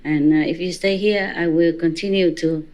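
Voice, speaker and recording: A woman's voice: lowish voice, fairly even intonation, moderate pace, darkish tone, a little hiss or hum. A woman spiritual teacher giving an informal dharma talk to a gathering, chatty and teasing, laughing often.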